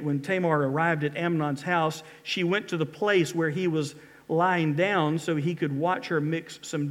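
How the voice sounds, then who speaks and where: A middle-aged man preaching a sermon as pastor, reading scripture with dramatic emphatic pleas. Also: a little high.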